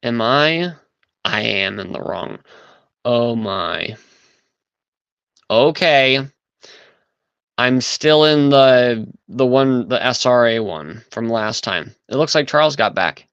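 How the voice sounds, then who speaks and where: A man hosting a casual livestream, chatting loosely and thinking aloud as he goes. His mid-pitched voice sounds smooth and resonant, recorded dry and close with no room sound. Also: animated, slow pace, long pauses, a bit bright, dry recording, highs cut off. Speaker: livestream host.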